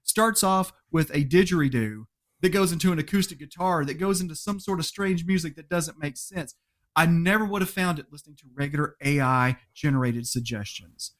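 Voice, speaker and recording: A man with a fairly high speaking voice talks as a podcast guest. He tells stories with animation, laughs often and acts out little quotes as he goes. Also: a little fast, a bit bright. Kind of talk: casual interview chat.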